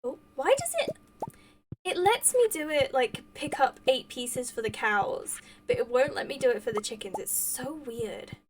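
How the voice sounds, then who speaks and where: A woman's voice: sits high, animated, moderate pace, hardly any pauses, recorded from a distance, noisy background. A woman live-streaming a game, chatting casually with viewers and thanking them effusively, rambling with many restarts. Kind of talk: casual chat with live viewers while gaming.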